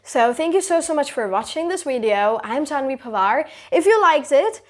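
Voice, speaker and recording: A woman's voice: high voice, expressive, normal speed. A young woman giving a casual video lesson on basic French, talking loosely with many fillers like "you know" and "like". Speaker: YouTube creator teaching basic French.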